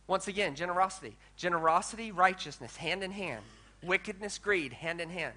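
A male pastor delivers a sermon in a strikingly high voice. His tone is bright and cutting, and it climbs to loud, animated declamation as he reads scripture. He slips quoted voices into his preaching without leaving his own voice. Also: brisk.

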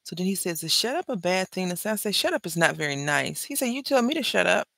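This middle-aged woman speaks fast, her voice on the low side with some vocal fry, as she crafts jewelry for a video. She chats, jokes, and tells lively stories. No room sound is audible.

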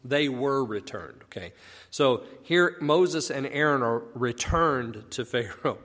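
A man's voice: mid-range voice, animated, slow pace, a bit bright. A man casually teaching a Bible passage, explaining conversationally and asking rhetorical questions. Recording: long echoey reverb.

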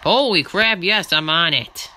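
Excitable young-sounding gaming commentator. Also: male voice, high-pitched, unhurried. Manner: excitable, swings between loud cheers and grumbling mutters. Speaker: gamer playing a racing management game. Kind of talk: let's-play commentary. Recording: noticeable background noise.

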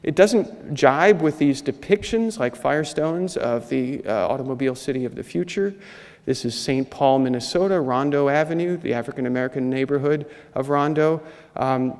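A man's voice: medium pitch, a little mellow. A man giving a conference keynote lecture as a historian, talking through slides with rhetorical questions, recorded over a PA in a large hall. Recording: hall with long reverb.

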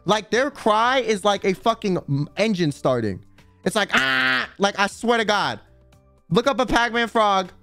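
Brief: male streamer, high and bouncy voice, smooth and dry, rambling profane chat over faint music. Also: moderate pace, dry recording. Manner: rambling, profane, heavy use of "like"; animated, dramatic emphasis. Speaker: livestream host.

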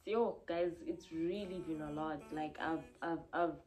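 A woman's voice: sits low, measured pace, a little mellow, soft background music. A young woman, venting candidly to camera in a confessional vlog, rambling and heartfelt with many fillers and restarts. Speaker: vlogger.

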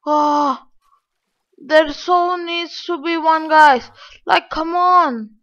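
A woman with a very high-pitched, slightly bright voice speaks extremely slowly. She hosts a gaming channel and gives casual game commentary, complaining to her viewers in an exasperated way. The recording sounds dull and lo-fi.

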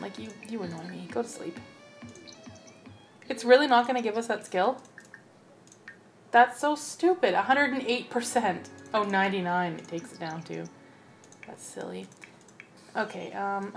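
A woman's voice: medium pitch, lively intonation, normal speed, pauses often, faint music behind. A young woman giving casual, chatty commentary over her gameplay and talking to her game characters. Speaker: let's play host.

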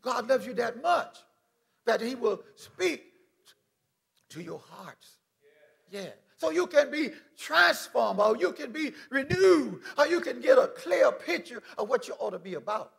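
A man's voice: very high voice, sing-song, a little slow, creaky, a bit bright, breathy edge. A man preaching a fervent sermon from a church stage, repeating phrases, calling out praise and stumbling through restarts. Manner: stammering restarts. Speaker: bishop preaching.

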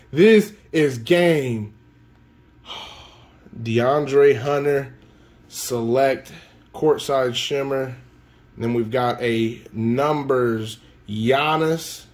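A man hosting a card-opening video, chatting casually and breaking into excited shouts and laughter over his pulls. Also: mid-range voice.

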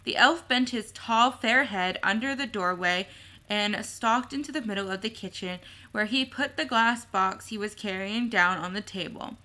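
A woman's voice: mid-range voice, sharp tone. A woman reading a novel aloud at a careful pace, now and then stumbling and correcting herself. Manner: slow, careful, small slips and self-corrections. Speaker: storybook reader.

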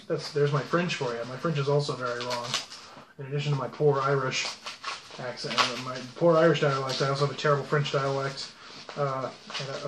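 Chatty man in an echoey room. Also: mid-range voice. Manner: rambling, chatty, self-deprecating asides. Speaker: pipe-smoking channel host. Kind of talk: casual unboxing commentary. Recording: echoey room with faint background noise.

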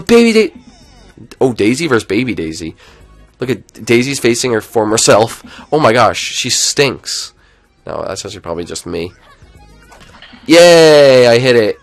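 A young man commentating his own live video game stream, chatty and excitable, swinging from loud outbursts to low muttering. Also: normal speed, soft background music.

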